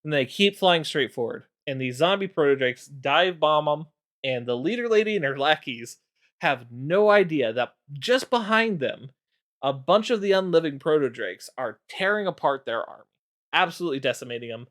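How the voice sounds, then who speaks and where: A man's voice: a little high, expressive, moderate pace, a bit bright. A man streaming, casually recapping game lore with lots of fillers.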